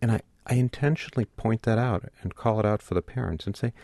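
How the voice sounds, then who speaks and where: Casting note: middle-aged male pediatrician, low voice, earnest explainer, dry close sound. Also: fast, warm tone, dry recording. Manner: earnest, explanatory, repeats words when starting. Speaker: pediatrician guest. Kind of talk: radio interview.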